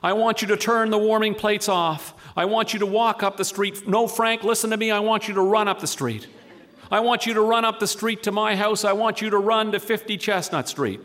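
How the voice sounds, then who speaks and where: Guy reading as a calm no-nonsense mom type, firm and coaxing. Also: high-pitched, brisk. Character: practical middle-aged woman, patient but firm.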